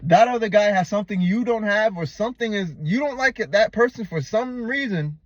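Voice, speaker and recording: A man's voice: high voice, expressive, fairly quick, no room sound, lo-fi sound. A man giving blunt, profane, slangy relationship advice to the camera, calling the viewer "man" and "bro". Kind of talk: unscripted advice monologue.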